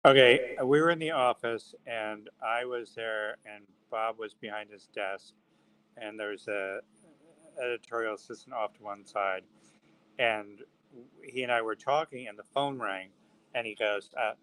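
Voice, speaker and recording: A man's voice: mid-range voice, moderate pace, rough recording. A man, the interview guest, telling a long anecdote and acting out the voices of the people in it. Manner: animated storyteller acting out quoted voices.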